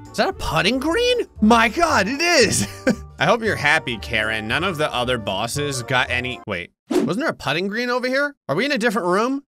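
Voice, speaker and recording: Bright, animated man joking through gameplay. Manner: wry, joking asides with sudden high-pitched outbursts. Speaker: gaming channel host. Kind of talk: comedic gameplay commentary.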